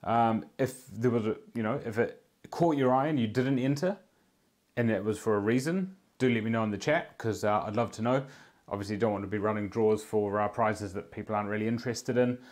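A man's voice: fairly low pitch, fairly quick, darkish tone. A man with a New Zealand accent hosting a live-streamed prize draw. He chats in an easygoing way with viewers in the chat while he works.

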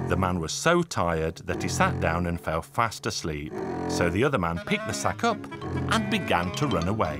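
A man narrating a folk tale in a storybook style, with lively delivery. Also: moderate pace. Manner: lively, voices each figure with raised pitch. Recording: folk fiddle music behind.

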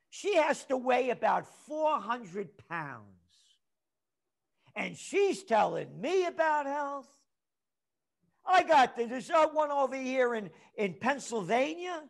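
A man speaking as a guest trend forecaster in an interview, ranting angrily and profanely and breaking into shouts. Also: very high voice, gravelly. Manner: angry, profane, shouts in bursts. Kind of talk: heated interview rant.

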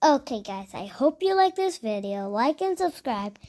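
A female gaming video host giving casual commentary on her gameplay, chatty and playful, repeating words in little chants and often dropping into a soft near-whisper. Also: a little high, big pitch swings, moderate pace.

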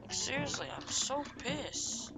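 A man's voice: very high-pitched, animated, a little slow. A young man commenting on his own gameplay, swearing and ranting in exasperation. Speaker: let's play gamer. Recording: game music behind voice.

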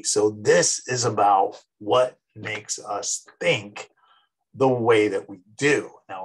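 A man's voice: mid-range voice, slightly rough, low-quality recording. A man in his fifties, a psychology teacher, giving a conversational recorded lecture and acting out everyday examples. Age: 50s.

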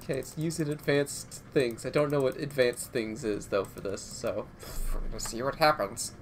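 A man giving chatty let's play commentary, talking to himself as he plays, with quick exclamations and bursts of laughter. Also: mid-range voice, steady tone, a little hiss or hum. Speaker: gaming streamer.

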